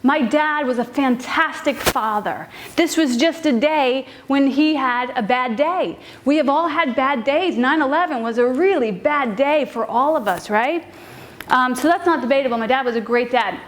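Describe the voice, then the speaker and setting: A woman telling a personal story to a live audience in an animated, casual way with frequent fillers. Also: high-pitched, normal speed.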